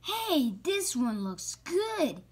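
A woman's voice: sits high, sing-song, extremely slow, pitched above the performer's own voice, exaggerated voice. A woman voicing a playful young boy bear cub who teases his sister in a storybook reading. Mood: eager. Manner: eager, teasing.

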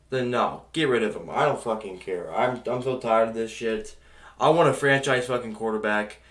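A man's voice: medium pitch, a bit bright. A man ranting angrily as a sports fan, exasperated, swearing and sighing as he vents about his team. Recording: echoey room.

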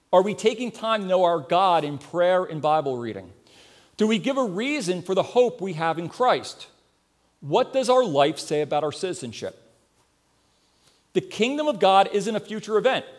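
Lively high-voiced preacher man. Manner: earnest, questioning the congregation, storytelling. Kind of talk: sermon.

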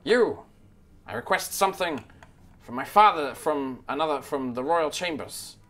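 A man's voice: on the high side, lively intonation, a little slow, a bit bright. A man voicing a regal, formal young male kobold prince in a tabletop game, with stiff, courtly speech. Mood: commanding.

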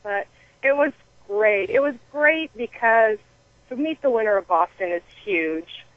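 Woman telling an animated story. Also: on the high side, a little slow, dry recording, phone-quality sound. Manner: animated storytelling with many restarts and acted-out quotes. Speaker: guest runner.

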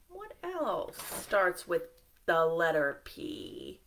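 A woman leading a live storytime for young children, slow and sing-song, encouraging them and asking them questions. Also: a little high, animated, a bit bright. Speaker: children's librarian. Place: library storytime, streamed live.

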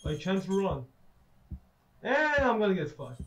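Man, high voice, swoops up and down, horror game commentary, jumpy, swearing, sarcastic. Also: big pitch swings, measured pace, a bit bright, a little hiss or hum, rough recording. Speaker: gaming YouTuber.

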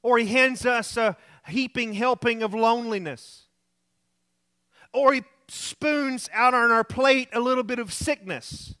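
A man's voice: extremely high pitch, unhurried, pushed and bright. A male pastor preaching alone in a room, earnest and repetitive, telling anecdotes. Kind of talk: sermon.

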